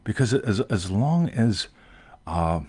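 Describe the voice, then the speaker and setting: A man's voice: lowish voice, sing-song, slow, mellow, slightly rough, no room sound. A man hosting a casual chat, rambling and emphatic, often tagging "right?" and swearing offhandedly. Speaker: host.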